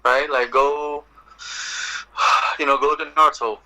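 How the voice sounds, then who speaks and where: Middle-aged man, bright tense voice, loose swearing podcast storyteller. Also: on the high side, slow, rough recording. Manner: animated, profane storyteller, acts out exchanges. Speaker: poet and guest. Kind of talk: casual podcast conversation.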